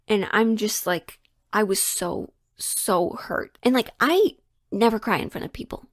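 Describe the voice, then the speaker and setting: A woman's voice: medium pitch, measured pace, no room sound. Young woman, casual storytime narrator, chatty and conversational, dry close sound. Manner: chatty, conversational, full of "like" and asides.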